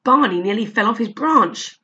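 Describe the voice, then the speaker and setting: A woman reading a children's story aloud in a steady, expressive way. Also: on the high side, normal speed, lo-fi sound. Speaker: narrator.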